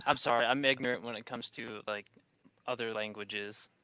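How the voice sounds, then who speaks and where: A man's voice: medium pitch, steady tone, normal speed, pushed and bright, smooth, no echo. A man playing a tabletop role-play, talking casually and stumbling over his words. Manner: stammering, casual. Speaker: player.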